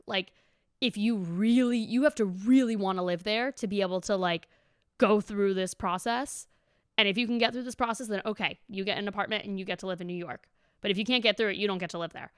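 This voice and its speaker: A woman's voice: medium pitch, clean tone, dry recording, clean studio sound. A young woman in her twenties rambling casually to her viewers in a vlog, with lots of "like" and casual swearing. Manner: rambling and chatty, heavy use of "like", swears casually. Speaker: vlogger.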